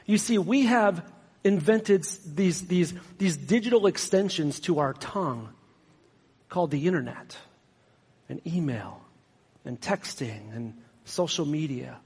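A man's voice: on the high side, animated, measured pace, darkish tone, husky. A man preaching a sermon as pastor, conversational and self-deprecating, with sarcastic asides. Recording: long hall reverb.

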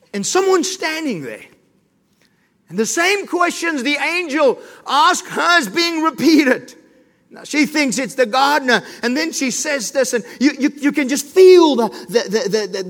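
A male pastor with a very high-pitched, somewhat bright voice preaches an emphatic sermon in church, firing rhetorical questions at the congregation. The long reverb of a large hall is audible.

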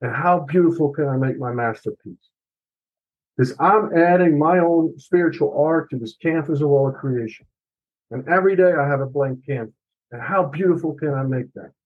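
Heard through phone-quality audio, a middle-aged author on a podcast recounts his personal history at a normal speed in a voice on the high side. His telling is emotional, earnest and confessional, with occasional swearing.

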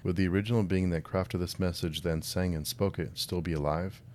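A man's voice: low-pitched, steady tone, brisk, a little mellow, a little hiss or hum. A man hosting a book channel, chatting casually and then reading a science fiction short story aloud. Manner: friendly, with filler words and restarts.

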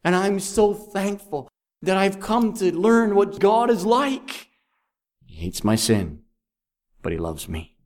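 A man preaching an evangelistic sermon at an evening meeting, fervent, swinging from loud declarations to hushed lines, with rhetorical questions and repetition. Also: mid-range voice.

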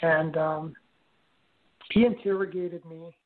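An older man telling a personal story in an interview, speaking haltingly with frequent restarts and fillers. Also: a little high, steady tone. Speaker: guest recounting an experience. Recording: tinny phone-line audio.

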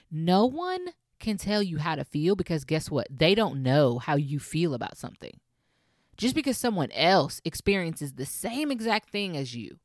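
Low-voiced woman podcasting, emphatic and encouraging. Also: no room sound, studio quality. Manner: emphatic, encouraging, repeats advice to listeners. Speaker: podcast host. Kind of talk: casual solo podcast monologue.

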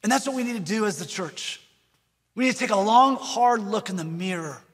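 A man's voice: high-pitched, lively intonation, fairly quick, a bit bright, husky, long reverb tail. A man preaching a sermon, earnest, with rhetorical questions and repeated phrases. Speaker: pastor.

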